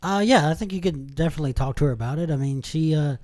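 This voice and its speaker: Hesitant mellow-voiced man giving advice. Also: fairly high pitch, fast. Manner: hesitant, full of uhs and restarts. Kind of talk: casual podcast chat.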